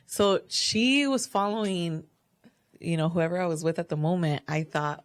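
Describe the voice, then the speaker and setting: Lowish-voiced bilingual woman telling stories. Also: moderate pace. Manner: candid storytelling, switches into Spanish, swears casually. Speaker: podcast co-host. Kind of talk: casual chat.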